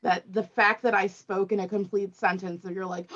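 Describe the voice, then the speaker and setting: A woman's voice: mid-range voice, flat delivery, moderate pace, a bit bright, highs cut off. A woman co-hosting a casual video-call chat, speaking emphatically in an exasperated way. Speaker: co-host.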